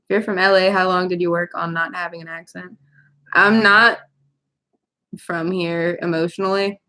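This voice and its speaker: A woman's voice: lowish voice, steady tone, normal speed, sharp tone. Chatty young woman livestreaming. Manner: chatty, laid-back, answers viewer comments. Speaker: livestream host, writer. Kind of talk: casual livestream chat.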